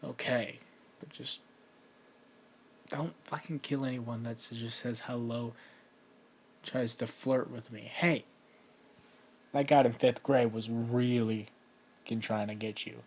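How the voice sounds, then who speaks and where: A man puts on a sarcastic twelve-year-old girl who teases in a low-key, unhurried way. The voice stays near his own mid-range, barely shifted for the girl. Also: fairly even intonation, slight background noise. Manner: sarcastic, teasing.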